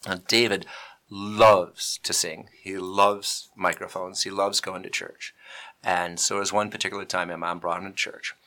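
A man telling a personal story in a casual chat, animated and acting out the people he quotes. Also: moderate pace. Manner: animated, acts out quotes with big pitch jumps.

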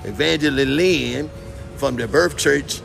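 A man playing a brash, streetwise, defiant man who talks loud, boastful and full of slang in a comedy sketch. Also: medium pitch, measured pace, vocal fry, over music. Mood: incredulous.

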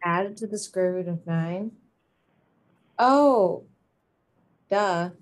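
A woman's voice: on the low side, takes it slowly, low-quality recording. Playful boastful woman in casual chat. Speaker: co-host.

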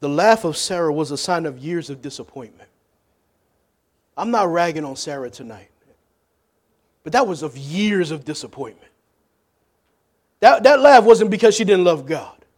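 High-voiced pastor preaching with loud-soft swings. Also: male voice, normal speed, long pauses. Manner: lively preaching, swings from loud jokes to hushed questions. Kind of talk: sermon.

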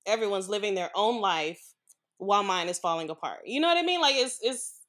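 A woman's voice: mid-range voice, animated, brisk, fairly bright tone. A young woman from the US Midwest, a podcast guest, telling a personal story in a frank, informal way and laughing through hard memories.

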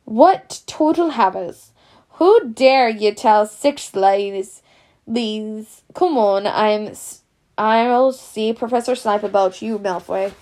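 A woman's voice: mid-range voice, takes it slowly, darkish tone, natural voice. A woman voicing a stern older teacher who scolds and roars. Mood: furious. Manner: roaring, scolding.

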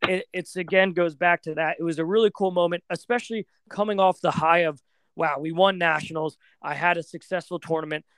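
Young man, American accent, smooth resonant voice, slightly high, dry sound, casual rambling storytelling. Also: fairly quick, no echo. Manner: relaxed, rambling, many fillers. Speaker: podcast guest, floorball player.

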